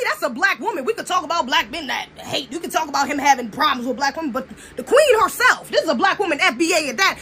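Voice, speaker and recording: A woman's voice: extremely high pitch, sharp tone. A young American woman giving a blunt, preachy, profane casual monologue. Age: young adult. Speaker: commentator.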